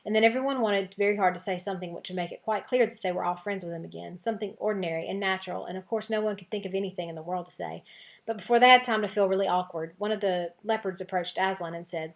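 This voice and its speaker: A woman teacher reading a children's novel aloud to her class, with expressive storytelling narration. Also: mid-range voice, fast.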